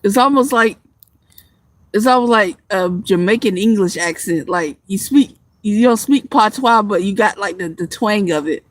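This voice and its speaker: A woman's voice: medium pitch, normal speed, no echo. A young woman with a Southern country twang chatting playfully with viewers on a livestream, laughing often and swearing casually. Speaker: livestream vlogger.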